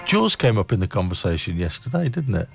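A man's voice: fairly low pitch, big pitch swings, brisk, vocal fry, music in the background. A man hosting a breakfast radio show, reading out trivia in a casual, chuckling, rambling way. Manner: chuckling, rambling, self-amused.

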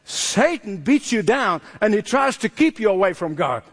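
A man's voice: high-pitched, sing-song, normal speed. A man preaching a sermon, emphatic, acting out voices in quotes. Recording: long hall reverb.

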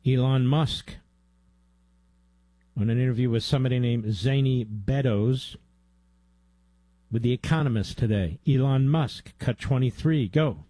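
A man's voice: measured pace, long pauses, mellow, no room sound. A man hosting a talk radio show, delivering emphatic, indignant commentary into a studio microphone. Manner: indignant, emphatic, rises in pitch when heated. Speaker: radio host.

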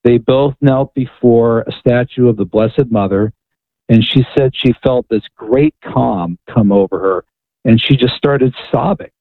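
A man's voice: medium pitch, unhurried, no echo. Man on a tinny phone line. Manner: hesitant, repeats words often. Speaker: guest author. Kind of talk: storytelling in a radio interview.

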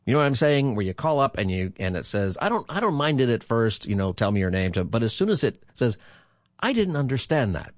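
Male radio host, 50s, low and lively, rambling and chatty, dry close sound. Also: fast, hardly any pauses, no room sound. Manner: animated, rambling and chatty, laughs easily. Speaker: radio show host and pastor. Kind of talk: call-in radio talk.

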